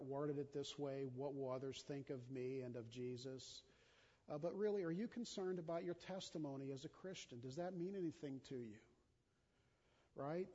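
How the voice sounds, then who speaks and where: High-voiced man preaching in a reverberant hall. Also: mellow. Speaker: pastor. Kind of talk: sermon. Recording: dull sound with long hall reverb.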